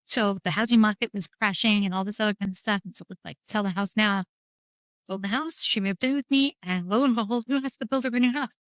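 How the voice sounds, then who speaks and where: A middle-aged woman, a podcast guest, talks frankly and wryly about grief in a candid conversation, rambling through her story with lots of quoted back-and-forth. Her medium-pitched voice is quick and fairly bright, and the recording is dry.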